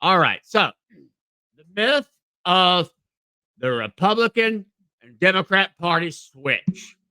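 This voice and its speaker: Southern male podcast host, higher voice, casual and halting, reads aloud with frequent apologies to viewers. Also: very animated, bright, forceful tone, no room sound. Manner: stumbling reading aloud, apologetic asides. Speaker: live stream podcast host. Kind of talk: casual live stream, reading aloud.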